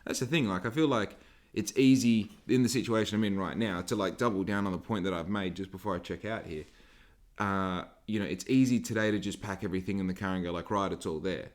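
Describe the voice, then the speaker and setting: A man's voice: lowish voice, fast. An Australian man hosting a solo podcast from home, rambling and emphatic with a lot of swearing. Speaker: podcast host.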